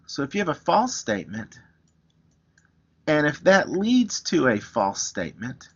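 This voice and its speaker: A man's voice: fairly high pitch, sing-song, unhurried, husky, dull audio. A man teaching a recorded math lesson, explaining step by step with everyday examples. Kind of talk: recorded lecture, writing on screen.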